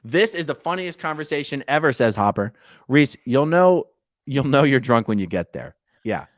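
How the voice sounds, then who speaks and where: A man with a lively, up-and-down voice chats casually as a podcast co-host, teasing his partner and reading viewer comments aloud. The sound is dry and close, with no room around it. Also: mid-range voice, normal speed, dry recording. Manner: playful and teasing, reads comments aloud in bursts. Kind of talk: casual chat.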